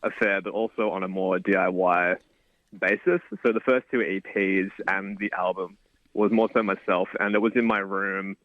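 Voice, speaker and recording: Male musician guest, lowish voice, thoughtful and unhurried, muffled dry phone-in audio. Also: fairly even intonation, dry recording. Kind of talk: interview answers. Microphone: call-in line. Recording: dull, dry call-in audio.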